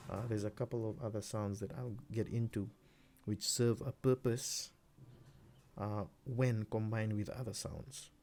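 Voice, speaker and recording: Male beatmaker, lower voice, laid-back and rambling, home studio walkthrough, faint clicks behind. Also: measured pace, creaky, a little hiss or hum. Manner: relaxed, rambling, many fillers and restarts. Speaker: music producer. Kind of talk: casual screen-recorded tutorial.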